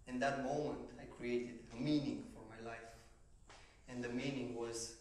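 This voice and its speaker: Slow dramatic man in an echoey hall. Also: mid-range voice, steady tone. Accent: Romanian. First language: Romanian. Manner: slow, dramatic storytelling that swells to shouting at peaks. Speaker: motivational speaker. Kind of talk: personal story speech. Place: large event hall on stage. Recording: echoey hall from far off, faint noise.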